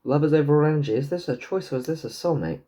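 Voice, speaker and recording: A man giving a casual tarot reading to camera, swearing freely and joking with himself. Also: rapid-fire. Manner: chatty, swears freely, jokes to himself, talks back to the universe; lively pitch, swoops high into silly put-on voices. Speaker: tarot and numerology reader.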